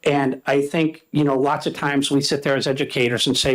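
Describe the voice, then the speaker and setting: A man's voice: medium pitch, flat delivery, moderate pace, hardly any pauses, poor audio. A man in his fifties, a retired teacher, giving heartfelt personal testimony in a legislative committee room. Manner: earnest, heartfelt storytelling.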